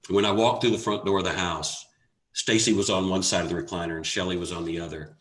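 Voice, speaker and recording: A man giving a motivational talk, telling a personal story earnestly with dramatic pauses and rising emphasis. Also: low voice, steady tone. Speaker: motivational speaker. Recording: echoey room.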